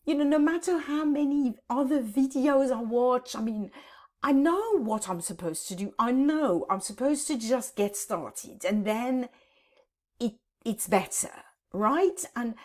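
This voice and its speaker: A woman in her fifties talks to camera from her home office, halting and close to tears as she vlogs. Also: high-pitched. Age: 50s. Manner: halting, repeats words, tearful. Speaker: decluttering vlogger. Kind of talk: emotional vlog to camera.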